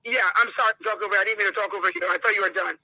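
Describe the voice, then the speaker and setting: Fiery, sharp-voiced woman. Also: medium pitch, fairly even intonation, racing, rough recording. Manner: impassioned, loud, blunt with some swearing. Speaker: political guest. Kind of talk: heated talk-show interview.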